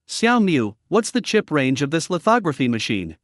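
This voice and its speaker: A man's voice: fairly high pitch, big pitch swings, moderate pace, no echo, clean studio sound. A man voicing an older male professor who speaks in exasperated outbursts.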